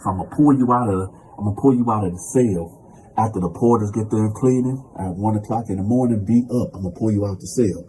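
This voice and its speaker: A man voicing a female prison guard who speaks low and matter-of-fact. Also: fast talker, warm tone, a little hiss or hum, natural voice, poor audio. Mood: sly. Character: female prison guard, stern then sly.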